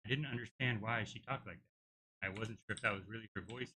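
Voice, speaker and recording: A middle-aged game developer streams live, coding and thinking aloud hesitantly with many restarts as he works things out. His tired-throated voice is fairly low, fast, pushed and bright, with slight background noise.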